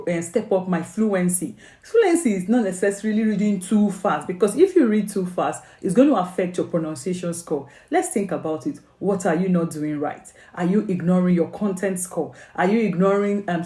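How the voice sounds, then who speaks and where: A woman's voice: medium pitch, dark tone, reverberant. A woman with a Nigerian accent giving earnest, coaxing exam advice as an English tutor, with many questions and "okay?" checks. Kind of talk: motivational exam advice video.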